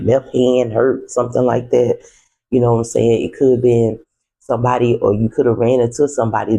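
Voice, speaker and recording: A man's voice: medium pitch, creaky, breathy edge, low-quality recording. A man giving a casual, conversational tarot reading, talking straight to his viewers. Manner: relaxed, conversational, speaks to viewers as "you" and "the collective". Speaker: tarot reader.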